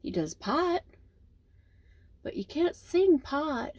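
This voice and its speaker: Slow, rambling Midwestern woman. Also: sits high, sing-song, dry recording. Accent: Midwestern American. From American Midwest. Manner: rambling, meandering, many ums and trailing pauses. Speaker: vlogger. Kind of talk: casual rambling vlog.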